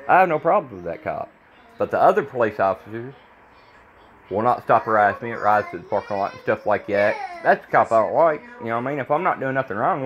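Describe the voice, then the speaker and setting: A man's voice: medium pitch, dull audio. A man in his thirties, a vlogger talking to camera in a blunt, rambling way, repeating himself. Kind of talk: casual rambling monologue to camera.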